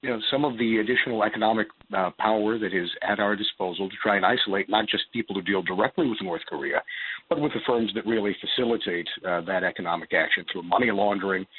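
A man with a congested, partly lost voice, speaking as a guest on a radio show in measured sentences with many filler pauses over a phone line. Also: deep voice, slight background noise. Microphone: telephone studio line.

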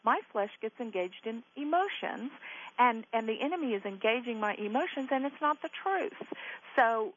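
A woman's voice: fairly high pitch, expressive, normal speed, dull audio. Earnest woman teaching on call-in radio. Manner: earnest, gently reassuring, pastoral. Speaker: guest Bible teacher.

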